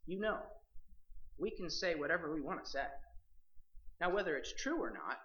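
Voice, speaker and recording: A preacher gives a sermon in a bright, forceful voice, pressing each point with emphasis and speaking straight to the listeners. The recording is dull and lo-fi, with the top end muffled. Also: medium pitch, very animated, moderate pace. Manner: emphatic, addresses listeners directly as believers.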